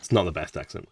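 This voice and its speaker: A man's voice: medium pitch, no echo, distant mic. A man casually commenting on his playthrough as a gaming streamer, chatty with mumbled asides. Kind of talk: casual let's-play commentary.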